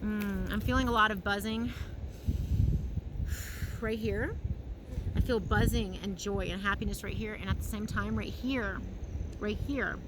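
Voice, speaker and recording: A woman's voice: mid-range voice, background noise. Dreamy woman giving an outdoor tarot reading. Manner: slow, dreamy and emotional, humming often. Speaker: tarot reader. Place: field outdoors in the mountains.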